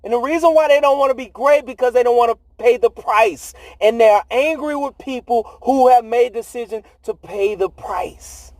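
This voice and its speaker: A man's voice: extremely high pitch, normal speed, hardly any pauses, a little mellow, no echo. A man giving a preachy motivational talk in conversational, slangy speech, laughing often. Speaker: motivational speaker.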